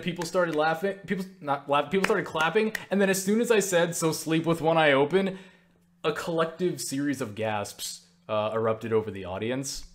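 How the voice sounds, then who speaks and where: A young man hosting his own channel, telling stories to camera in a rambling, filler-heavy way and casually mocking himself. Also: on the high side. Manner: rambling, full of fillers like "you know" and "like"; self-mocking, swears casually. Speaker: channel host answering viewer questions. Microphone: webcam mic.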